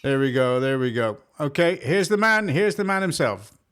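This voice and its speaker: A man's voice: mid-range voice, normal speed, smooth. A man from England co-hosting a casual live-streamed chat, joking and laughing often. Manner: jokey, laughs often, lively delivery. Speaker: podcast co-host.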